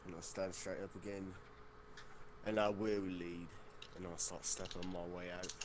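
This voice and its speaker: A man's voice: deep voice, flat delivery, a little slow, background noise. A man playing a tabletop game, describing his moves in a laid-back way. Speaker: player. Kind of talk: casual tabletop play.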